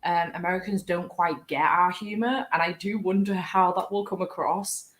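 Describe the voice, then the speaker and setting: A woman's voice: on the low side, fairly even intonation, moderate pace, roomy sound. A British woman in her twenties chatting casually as co-host, enthusiastic and rambling. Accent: British English. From Britain. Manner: enthusiastic, rambling, laughs often. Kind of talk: casual chat.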